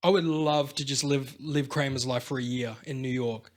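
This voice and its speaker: A man's voice: medium pitch, steady tone, moderate pace. A man co-hosting a podcast, telling a rambling story in casual chat and swearing freely. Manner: rambling storyteller, swears freely, acts out quotes in big voices. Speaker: podcast co-host.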